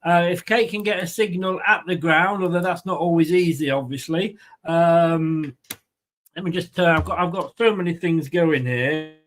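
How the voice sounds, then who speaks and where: A man's voice: on the high side, fairly even intonation, normal speed. A man with a light, rambling, chatty manner, hosting a live football watchalong and reading out viewer comments. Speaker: host of a fan watchalong.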